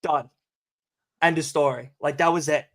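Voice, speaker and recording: A man's voice: a little high, steady tone, moderate pace. Young man telling a story, swearing animatedly. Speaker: livestream co-host. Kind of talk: casual chat.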